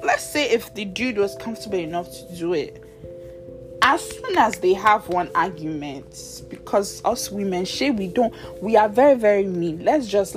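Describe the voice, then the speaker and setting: Woman, young adult, blunt slangy rant, mid-pitched voice, faint music behind. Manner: blunt, animated, slangy, quick to laugh. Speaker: show host. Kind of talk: casual rant to viewers.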